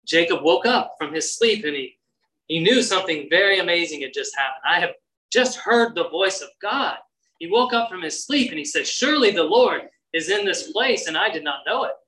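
Bright-voiced emphatic preacher. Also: medium pitch, expressive, normal speed, rough recording. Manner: emphatic, repeats key phrases for stress. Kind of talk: sermon, Bible teaching.

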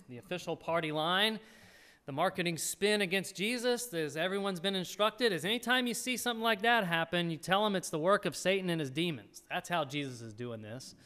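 A man preaching a sermon, teaching from scripture and reading the verses aloud in an expressive way. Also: a little high. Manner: expressive preaching, reads scripture aloud, frequent throat clearing. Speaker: pastor.

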